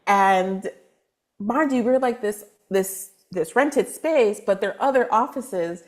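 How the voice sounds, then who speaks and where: A woman guest on a podcast, telling a personal story in a loose, animated way and acting out what others said. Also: mid-range voice, takes it slowly. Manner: animated, acts out quoted dialogue with laughs; loose, filler-heavy talk with restarts. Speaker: guest, spiritual advisor. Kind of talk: casual storytelling interview.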